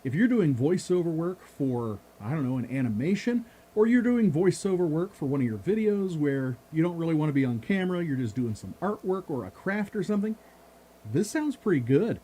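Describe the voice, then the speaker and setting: A man's voice: a little high, sing-song, fairly quick, dark tone, breathy edge. A man casually reviewing a microphone, enthusiastic and jokey. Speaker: product reviewer.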